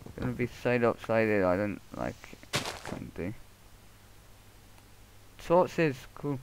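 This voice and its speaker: This Let's Play gamer has a medium-pitched, creaky voice that swings widely in pitch. He mutters to himself, curses, and erupts in quick bursts while casually narrating his game over a muffled headset with faint noise.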